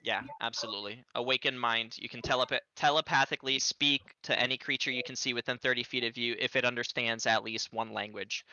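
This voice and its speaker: Brief: male player, very bright and crisp, dry close sound, eager. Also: medium pitch, fairly even intonation, fast, few pauses, dry recording, muffled recording. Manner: eager, argues rules. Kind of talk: casual tabletop play.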